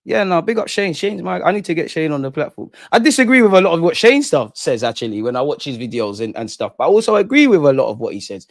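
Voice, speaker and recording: A man's voice: fairly high pitch, very animated, quick pace, hardly any pauses, no echo, studio quality. A young man with a London accent, hosting a casual live chat with slang and reading out viewer comments. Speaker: livestream host.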